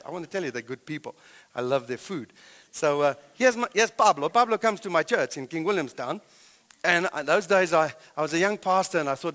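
A middle-aged man with a South African accent, preaching a sermon as a pastor in animated storytelling, swinging between loud and hushed. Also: a little high, fast, in a large hall.

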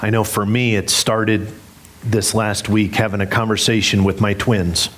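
A middle-aged male pastor preaching in a church, his voice sitting on the low side. He speaks candidly and pokes fun at himself while telling a story. A faint hum of room ambience runs underneath. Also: level tone, a little slow, fairly bright tone. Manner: candid, self-deprecating storytelling with humor. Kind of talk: sermon. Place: church sanctuary.

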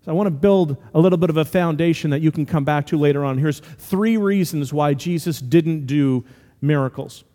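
A man preaching a sermon as pastor, animated and acting out voices as he tells stories. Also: on the high side, normal speed. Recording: long hall reverb.

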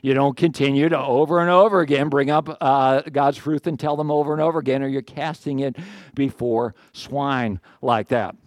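Here a middle-aged man, a pastor, addresses his congregation in a steady mid-range voice at a moderate pace, sounding out of breath. His sermon is casual and full of self-deprecating jokes, side remarks, and questions thrown to the listeners. The audio is clean studio quality without echo.

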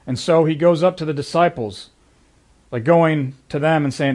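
A man's voice: a little high, normal speed, a little mellow. A man preaching a sermon in an earnest, conversational way, leaning into key lines with sudden emphasis. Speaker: pastor.

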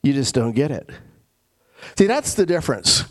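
A man preaching as pastor of his church, emphatic, repeating key phrases and slowing down to stress them. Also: mid-range voice, sing-song. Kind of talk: sermon.

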